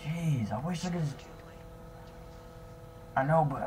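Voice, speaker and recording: A young man voicing his own character in a fan-made game drama, excitable and swinging between shouting and nervous mumbling. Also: fairly high pitch, a little slow, music in the background, low-quality recording. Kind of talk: improvised fan machinima dialogue.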